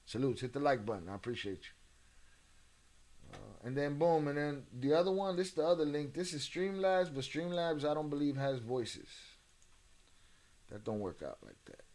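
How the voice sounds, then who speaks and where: A man's voice: on the high side, lively intonation, moderate pace, a little mellow. Laid-back man chatting with his stream chat. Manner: loose, rambling, greets chat by name. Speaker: streamer reacting to an interview. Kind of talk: casual live-stream chat.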